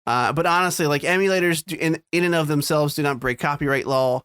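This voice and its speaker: A man's voice: quick pace, fairly bright tone, clean tone, no room sound, clean studio sound. A man co-hosting a casual podcast, rambling and joking as he talks through TV and game news. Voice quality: fairly high, youthful voice. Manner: rambling, joking, self-interrupting. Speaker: podcast co-host. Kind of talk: casual chat.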